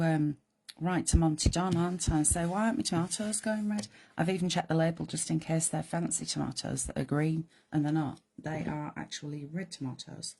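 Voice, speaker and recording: A woman with a croaky voice hosting a live card-making demonstration, chatting in rambling asides to her viewers. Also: deep voice, mellow. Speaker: crafting host.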